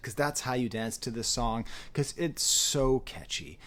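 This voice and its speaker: Man, music reviewer, casual rambling talk, animated, restarts a lot. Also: medium pitch, a little slow, hardly any pauses. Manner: rambling, animated, self-interrupting. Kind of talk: casual spoken album review.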